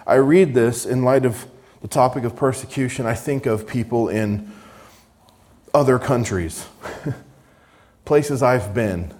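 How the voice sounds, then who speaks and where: A man's voice: medium pitch, slow, pauses often, a little mellow. A man preaching a sermon, reading scripture with rising emphasis and touches of dry sarcasm.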